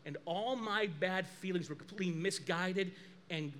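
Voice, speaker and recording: A man preaching a sermon as pastor, lively and animated, acting out quoted dialogue. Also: sits high, normal speed, slight background noise.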